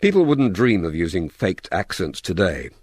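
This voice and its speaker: A man's voice: low voice, very animated, normal speed, darkish tone, breathy edge, no echo. A man presenting a radio documentary, narrating and putting questions to guests.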